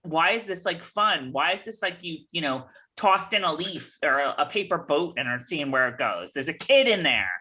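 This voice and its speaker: A woman's voice: low voice, expressive, bright, forceful tone. A woman co-hosting a casual TV episode recap, chatty and retelling scenes. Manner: chatty, recounts scenes with quick put-on voices. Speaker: podcast co-host.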